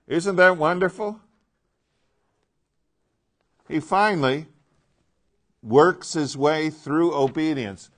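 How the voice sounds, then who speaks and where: Slow, emphatic male Bible teacher. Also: medium pitch, lively intonation. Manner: slow, emphatic, asks the class questions. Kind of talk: classroom Bible lesson.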